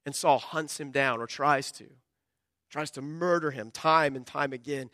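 A male pastor delivering a sermon in a high, bright voice. He preaches with passion, his voice climbing to loud peaks and sinking to hushed lows. The sound is close and dry. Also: a little slow, no room sound. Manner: impassioned preaching, rising and dropping sharply in pitch and loudness.

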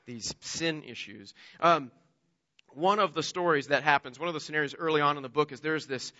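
A man delivering a sermon in a high, bright voice. He tells the story earnestly and often doubles back on his words. The recording sounds dull and lo-fi. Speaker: preacher.

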